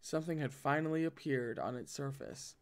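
A man's voice: medium pitch, animated, fairly quick, gravelly. A man reading a novel aloud and breaking off to react in a dramatic, swearing manner. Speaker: audiobook reader and reactor.

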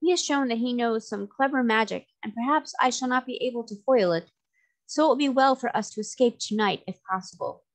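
A woman voicing a calm, dignified mermaid queen who speaks in a regal way. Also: a little high, fairly quick, pitched above the performer's own voice, close to an everyday voice.

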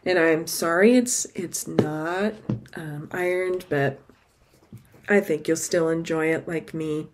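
A middle-aged woman chatting casually to camera about her stitching, excitable and gushing, with sudden high exclamations. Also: slow pace, slight background noise. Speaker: cross-stitch vlogger.

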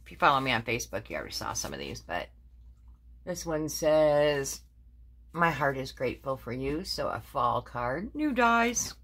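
Low-voiced rambling crafter, lively pitch. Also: female voice, normal speed. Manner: rambling, with many fillers and self-corrections. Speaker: crafting vlogger. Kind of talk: casual show-and-tell chat.

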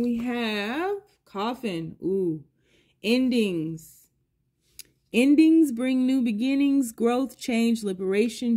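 A middle-aged woman reads tarot cards for a collective audience, taking her time. Her voice is high but dark and mellow, and she drifts back to the same question for the universe between cards. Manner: musing, repeats questions to the universe. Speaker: tarot reader.

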